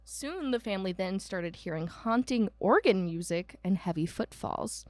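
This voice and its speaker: A woman's voice: medium pitch, expressive, moderate pace, a little mellow, dry recording. Woman, Ohio accent, podcast co-host, rambling with fillers, dry close sound. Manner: rambling, filler-heavy, self-correcting. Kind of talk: casual storytelling chat.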